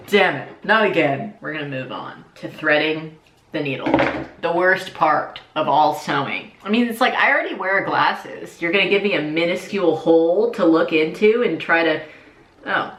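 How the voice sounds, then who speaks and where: A woman's voice: low voice, normal speed, roomy sound, background noise. A young woman chatting casually and self-mockingly as she sews, a little tipsy. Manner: chatty, self-mocking, slips into silly voices. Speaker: YouTuber. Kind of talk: casual comedic vlog while sewing and drinking.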